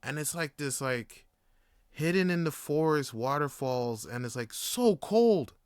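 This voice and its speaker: A man's voice: on the high side, animated, a little slow, smooth, dry recording, clean studio sound. A young man from Canada hosting a podcast, talking in a laid-back, rambling way full of fillers and swearing. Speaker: podcast host. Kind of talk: casual monologue.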